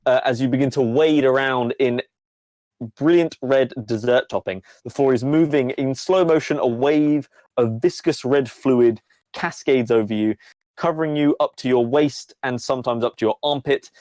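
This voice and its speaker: A male game master narrates a tabletop game in a rambling, playful way, filling gaps with ums and uhs. His voice sits at a middle pitch and sounds dry and close, with no room echo. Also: normal speed, a little mellow. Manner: rambling, playful, many fillers.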